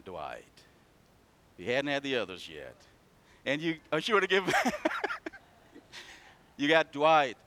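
His voice a little high, a man preaches in church, moving between loud and hushed as he tells stories and calls out to the congregation.

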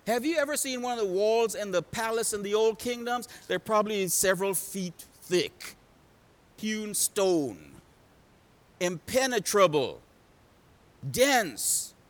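A man preaching a sermon in a dramatic, call-and-response style that swings from loud to hushed. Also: sits high, sing-song, slow pace.

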